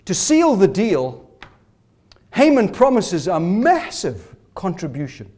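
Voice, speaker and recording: A man's voice: high-pitched, wildly swooping pitch, slow pace, a little mellow. A man preaching an expository sermon, dramatically acting out the words of biblical figures as he goes. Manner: dramatic, quotes biblical figures in shifting voices.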